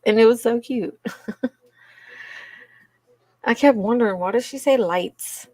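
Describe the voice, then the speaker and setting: A woman's voice: a little high, a little slow, long pauses, warm tone, no echo. Chatty Cajun woman hosting a live chat. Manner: chatty, laughs often, addresses viewers as y'all. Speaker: livestream host. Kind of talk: casual live chat with viewers.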